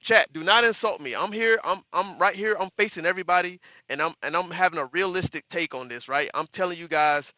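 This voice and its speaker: A man hosting a live stream talks straight to his chat and reads their comments aloud. His voice is bright and a little high, and he repeats lines like a refrain. The sound is dry and close. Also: fairly quick, few pauses, no room sound. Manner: talks straight to chat, repeats "understand that", gets loud and firm.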